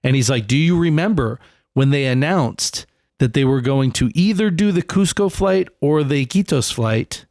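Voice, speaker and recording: A man co-hosting a podcast, telling a story in casual chat, animated and swearing freely. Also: a little high, normal speed, dry recording, clean studio sound. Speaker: podcast co-host.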